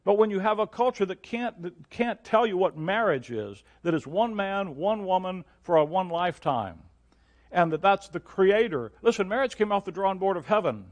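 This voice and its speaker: An older man preaching an emphatic sermon as pastor, his delivery rising to loud, forceful peaks. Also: high voice.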